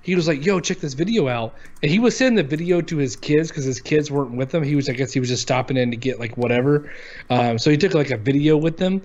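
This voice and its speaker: A man's voice: mid-range voice, fast talker, a little mellow. Blunt, profane man on a dull lo-fi line. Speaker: podcast co-host. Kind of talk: casual chat. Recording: dull lo-fi audio.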